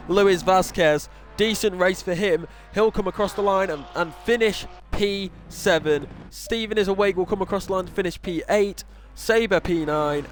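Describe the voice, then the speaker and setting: A young man with a northern English accent giving casual, rambling commentary on a sim racing series, with self-deprecating asides. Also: high-pitched. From northern England. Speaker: race commentator.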